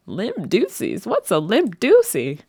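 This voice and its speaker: A woman's voice: medium pitch, dark tone, breathy edge, voice pushed up, exaggerated voice. A woman voicing a confused elderly grandmother who keeps asking puzzled questions. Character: confused elderly grandma, bewildered by social media.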